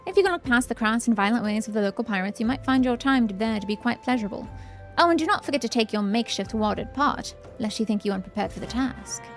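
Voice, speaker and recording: A fussy, pompous old-fashioned professor, as a woman puts him on while reading a fantasy game's dialogue aloud. He talks in a formal, stiff way, with faint music underneath and a fairly high voice for the part. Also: quick pace, close to an everyday voice. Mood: prim.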